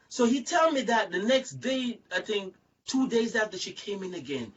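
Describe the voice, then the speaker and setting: A man hosting a casual group talk, telling stories in an animated, rambling way, repeating words and acting out other people's lines. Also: high-pitched, moderate pace, far from the mic, dull audio, slight background noise. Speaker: show host. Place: online video chat.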